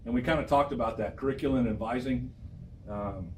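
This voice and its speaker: A man teaches a college class, urging his students on with lively, repetitive exhortations. He sounds distant from the microphone. Faint room noise hums behind him. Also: medium pitch, fairly quick. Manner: energetic, exhorting, repeats phrases. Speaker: professor. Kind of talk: classroom lecture.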